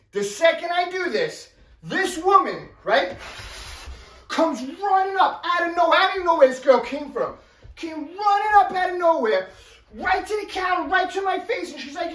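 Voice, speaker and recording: A man telling a comedic story as a rant, animated and exasperated, acting out the other people in the story in quick character voices. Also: very high-pitched. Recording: roomy sound from a distant mic.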